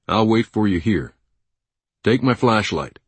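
A man doing a curt, businesslike agent who keeps things short and formal. The voice is low and a bit husky, in a close, dry studio sound. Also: expressive, measured pace, dry recording. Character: brisk male government agent driver.

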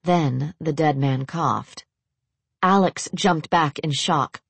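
A woman narrating a novel aloud in a steady storytelling manner. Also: low voice, slow, gravelly, slightly rough, no room sound. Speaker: audiobook narrator. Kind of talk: novel reading.

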